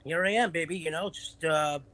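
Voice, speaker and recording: A man from Long Island with a New York accent, a guest chatting on a live video call show, animated and self-promoting. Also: fairly high pitch, fairly quick, rough recording. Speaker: guest, pro wrestling trainer. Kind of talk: casual live show chat.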